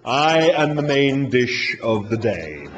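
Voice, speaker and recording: Man doing a low, courteous creature ready to be eaten. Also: very animated, slow pace, background noise. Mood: contented, courteous. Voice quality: low, contented, ingratiating. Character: polite male cow-like creature offering itself as dinner. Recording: dull lo-fi live recording.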